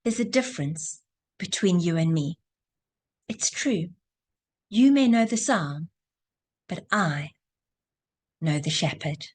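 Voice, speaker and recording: A woman voicing a humble, quietly wise elderly man in a told story. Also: on the high side, animated, takes it slowly, long pauses, pitched below the performer's own voice. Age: older.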